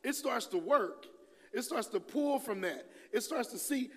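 A middle-aged man preaching a sermon in a church, talking lively and acting out the voices of the people he quotes. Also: a little slow. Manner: lively, acts out quoted voices with big swings in pitch and volume. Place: church sanctuary. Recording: long hall reverb.

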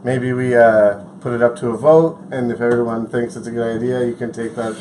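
A man's voice: medium pitch, fairly even intonation, a little fast, a little mellow. Earnest man over noisy ambience. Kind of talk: casual chat.

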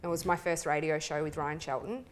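A woman hosting a casual interview, bubbly and quick to react, telling stories with energy. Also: sits low, fairly even intonation. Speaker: interview host. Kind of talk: casual chat.

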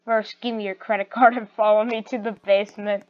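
A woman's voice: mid-range voice, little pitch movement, a little fast, close to an everyday voice. A woman voicing a sly, scheming rat con artist who talks in a wheedling, menacing way. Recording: muffled lo-fi recording.

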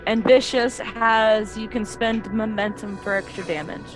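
A woman's voice: a little high, fairly even intonation, a little slow, music in the background. A woman playing a tabletop game, reading rule notes aloud. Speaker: player.

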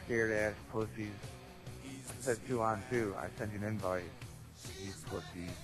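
A man's voice: lowish voice, normal speed, soft background music, rough recording. A man leaving crude, taunting voice messages over a game headset. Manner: crude taunting, mock-soft drawl.

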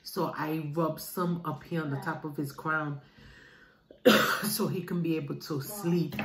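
Slow-talking middle-aged woman, roomy sound. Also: deep voice. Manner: chatty, calls viewers "guys". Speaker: mukbang vlogger. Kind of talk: casual chat to viewers while eating. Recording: roomy room with faint noise.

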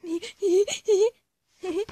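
High-pitched slow-paced playful voice. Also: female voice, dark tone. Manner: playful childlike voices, shifting between characters. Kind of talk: homemade toy play acting several characters.

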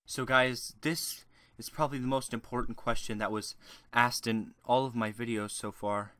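A young male YouTuber runs a crude, rambling joke Q&A monologue, lurching between shouted rants and mumbling. His voice is medium-pitched and steady in tone at a moderate pace, recorded dry.

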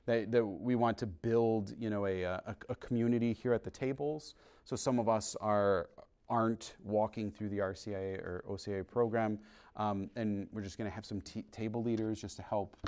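A male priest telling his conversion story to a parish class in an earnest, halting way, with many restarts. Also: fairly low pitch, steady tone, darkish tone. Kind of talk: informal testimony to a parish class. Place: parish hall.

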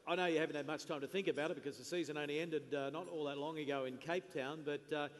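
A man's voice: fairly high pitch, steady tone, fast. A man hosting an on-stage interview at an awards lunch, with an upbeat, jokey presenter manner. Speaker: event MC and interviewer. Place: large function hall at a lunch event. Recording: long reverb in a big hall, faint room noise.

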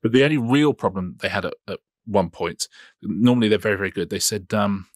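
Male co-host, low voice, quick wry storytelling, dry studio mic. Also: no echo. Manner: wry, anecdotal, amused. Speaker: podcast co-host. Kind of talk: casual chat.

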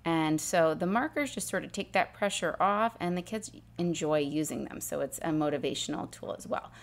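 A woman teacher calmly explaining a spelling exercise step by step, sounding out letters and sounds as she goes. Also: deep voice, normal speed. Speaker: literacy teacher. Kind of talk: instructional demonstration.

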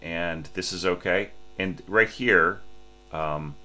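A male orchestration teacher reviews a score, his very low voice carrying a bright, forceful edge as he halts, restarts, and keeps asking "right?" He occasionally sings or breathes out phrasing and comes across as slightly sleepy. Underneath, a faint mains hum runs.

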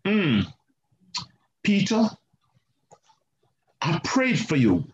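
A male pastor preaching a sermon, animated and repetitive, with asides to the congregation. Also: on the high side, extremely slow, a little hiss or hum. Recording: roomy, slightly muffled church recording.

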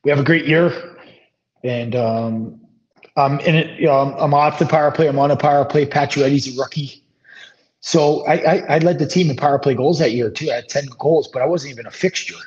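Here a former professional hockey player, 30s, talks briskly in a fairly high voice, guesting on a casual storytelling interview. His long tale meanders, relaxed and heavy with ums, fillers, and sentences he begins again. The recording sounds a little dull and lo-fi.

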